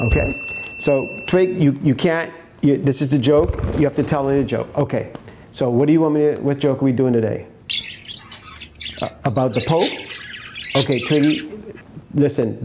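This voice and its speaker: A man's voice: medium pitch, background noise. A male comedy host chatting casually to his parakeet and telling a joke, often checking in with "okay?".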